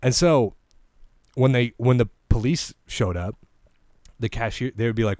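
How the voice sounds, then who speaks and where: A man's voice: mid-range voice, unhurried, long pauses, darkish tone, no echo. A young man hosting a comedy podcast, talking casually in a meandering way and chuckling at his own jokes. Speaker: podcast host. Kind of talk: rambling comedy podcast monologue.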